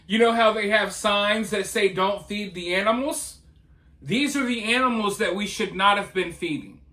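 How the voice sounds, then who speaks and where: A man's voice: high-pitched, bright, forceful tone. A man giving scornful, lecturing reaction commentary on a video clip. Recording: echoey room.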